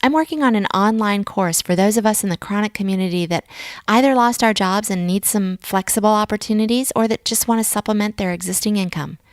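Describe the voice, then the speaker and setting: A woman's voice: medium pitch, a little fast, no echo. A woman hosting a podcast interview, chatty and upbeat. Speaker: podcast host.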